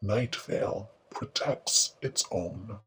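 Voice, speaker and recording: A towering, serene angel speaks in a very deep, husky hush, as a woman reading a story aloud puts it on. Every word comes slow and calm, with an otherworldly stillness. It sounds like a storybook being voiced. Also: exaggerated voice.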